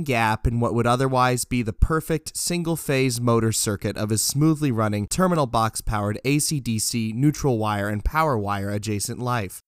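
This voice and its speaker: A man reading dark fiction aloud in a flat, deadpan first-person narration. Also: medium pitch, normal speed, hardly any pauses, clear, resonant tone, no echo, studio quality. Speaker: story narrator.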